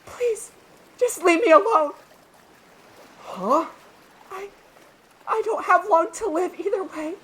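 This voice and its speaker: Frail ill girl, very high pleading voice, put on by the narrator. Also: slow, pauses often, fairly bright tone, heavily acted. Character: frail ill young woman. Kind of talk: dramatic video game voice-over reading.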